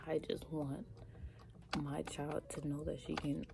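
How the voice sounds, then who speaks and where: Low, mellow-voiced young woman reacting. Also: unhurried, vocal fry, soft background music. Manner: animated, chatty, talks straight to viewers. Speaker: reaction vlogger. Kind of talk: casual reaction commentary.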